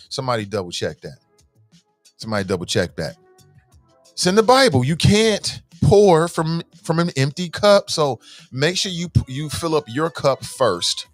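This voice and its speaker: A man hosting a morning talk show, talking to listeners in an animated, preachy, slangy way and swearing freely. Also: a little high, normal speed, no room sound, soft background music.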